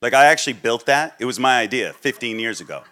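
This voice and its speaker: A man preaching a sermon as a guest speaker, joking and acting out the people he quotes, then dropping low and quiet for serious points. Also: fast talker. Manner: animated, jokey, acts out quoted people.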